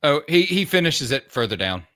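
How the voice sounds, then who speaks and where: A man's voice: a little high, normal speed, dry recording, clean studio sound. A man joining the chat with short, teasing remarks. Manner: lively, teasing. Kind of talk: casual chat.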